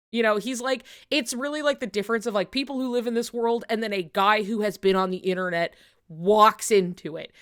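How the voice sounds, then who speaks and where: Woman streamer, casual watch-along chat, mid-pitched, rambly, laughs a lot, swears freely. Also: normal speed, fairly bright tone, clear, resonant tone. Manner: rambling, filler-heavy, swears, laughs often.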